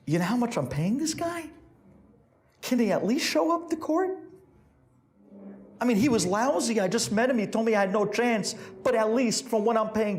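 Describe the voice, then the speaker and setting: Animated storytelling rabbi, man. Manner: acts out characters with big pitch swings. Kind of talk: storytelling sermon.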